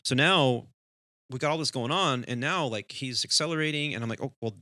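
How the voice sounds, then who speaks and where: A man's voice: mid-range voice, quick pace, no echo, clean studio sound. A man co-hosting an aviation podcast, telling a cockpit story in casual chat and acting out the voices in it. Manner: animated storyteller, acts out dialogue in his story. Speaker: airline pilot podcast host.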